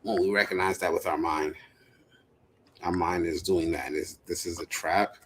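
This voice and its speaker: A man's voice: deep voice, steady tone, normal speed, a bit bright, a little hiss or hum. A man hosting a live stream, chatting casually, laughing often and talking in a reassuring way.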